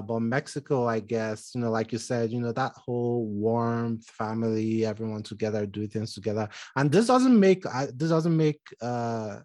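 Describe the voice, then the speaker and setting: A man's voice: medium pitch, a little mellow, no echo. A man from Southern Nigeria hosting a podcast, chatting casually with a guest and using lots of "you know" fillers. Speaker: podcast host. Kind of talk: casual interview chat.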